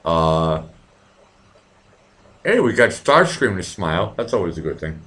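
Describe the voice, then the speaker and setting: A man's voice: low voice, big pitch swings, unhurried, a bit bright. A middle-aged American man hosting a casual livestream, chatting with viewers in a profane, rambling way while drinking. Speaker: livestream host. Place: at home in Vienna.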